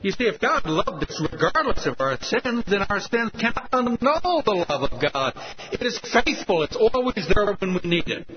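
A man preaching on the radio, with a voice pitched a little higher than most men's. He presses his points with earnest emphasis and then sinks to a tender hush. The sound is dull and lo-fi, with a clear hiss running underneath. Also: very animated, moderate pace. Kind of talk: radio sermon.

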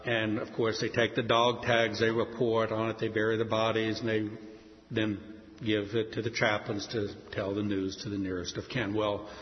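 An older man preaching a sermon, telling stories and acting out voices with sudden high leaps. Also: moderate pace. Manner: animated, acts out quoted voices with big pitch leaps. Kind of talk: sermon storytelling. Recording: dull sound with long hall reverb.

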